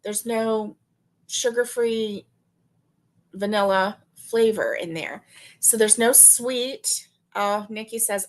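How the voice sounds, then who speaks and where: Slow-talking woman chatting on a livestream. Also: medium pitch. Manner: slow, chatty, warm asides with frequent fillers and laughs. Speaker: livestream host. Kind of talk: casual livestream chat reading viewer comments.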